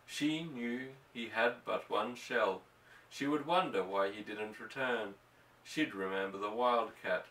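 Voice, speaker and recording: A man reading a novel aloud in an even, unhurried narration. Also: lowish voice. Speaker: audiobook reader. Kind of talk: measured story narration. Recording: roomy, distant mic.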